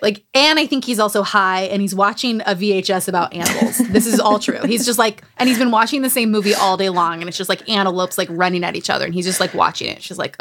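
A woman hosting a casual podcast chat, retelling a memoir with lively, animated storytelling, acting out the quotes and swearing freely. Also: medium pitch, brisk. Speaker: podcast host recapping a memoir.

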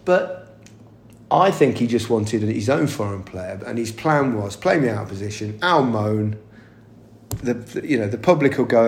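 A middle-aged former footballer, appearing as an interview guest, tells stories in a casual, anecdotal way, often laughing and restarting sentences mid-thought. His medium-pitched voice has a gravelly, creaky edge, lively intonation and normal speed. The recording is echoey with slight background noise.

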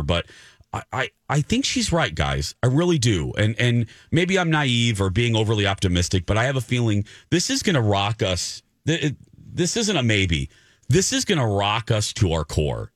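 A male radio host with a low, very lively voice. He tells animated stories and acts out the people in them. The sound is dry and close to the mic. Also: moderate pace, no echo. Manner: animated storyteller, voices others in his anecdotes. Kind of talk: casual talk radio storytelling.

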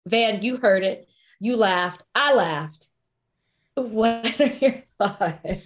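A woman's voice: mid-range voice, drawn-out words. A woman co-hosting a podcast, chatting casually, reading quotes aloud and laughing easily. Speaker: podcast co-host. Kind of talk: casual chat.

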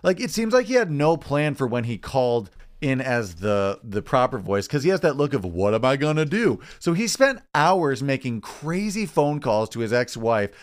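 A man's voice: mid-range voice, big pitch swings, moderate pace, few pauses. A man co-hosting a casual podcast chat, talking in long rambling runs full of fillers. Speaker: podcast co-host.

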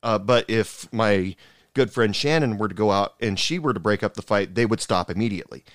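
Low-voiced man, dry close sound. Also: a little fast, no room sound. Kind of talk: casual chat.

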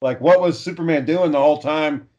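A man's voice: a little high, brisk, crowd noise. A man chatting casually with friends, rambling and swearing as he goes. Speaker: friend in group chat. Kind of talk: casual chat. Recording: dull lo-fi audio.

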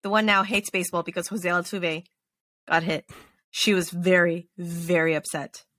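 A woman hosting a podcast from her home desk, chatting casually and animatedly, with plenty of swearing and quick asides. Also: fairly low pitch, fairly even intonation, a bit bright, dry recording. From Texas. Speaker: podcast host. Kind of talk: casual chat. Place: home desk with snoring dogs.

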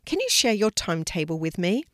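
An older woman reading a storybook, voicing a lazy, easygoing young schoolgirl who talks loudly. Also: fairly low pitch, very animated, fairly quick, no echo, studio quality.

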